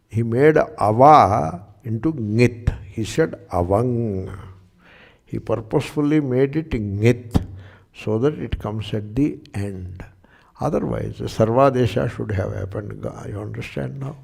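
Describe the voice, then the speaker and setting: A man's voice: medium pitch, vocal fry, darkish tone. An older man with an Indian English accent, lecturing on Sanskrit grammar and scripture, explaining step by step and checking in with his listeners. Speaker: Sanskrit teacher.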